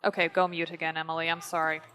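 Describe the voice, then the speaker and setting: A woman chatting casually while playing a video game, excitable and given to frustrated swearing outbursts. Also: low-pitched, fast. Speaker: let's play gamer. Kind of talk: casual gameplay chat.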